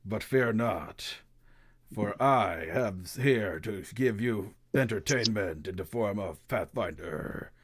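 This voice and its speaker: Male game master, low voice, unhurried, stumbling narration. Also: slightly rough. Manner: slow, halting, with frequent restarts and laughs. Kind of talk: narrating a tabletop game over voice chat.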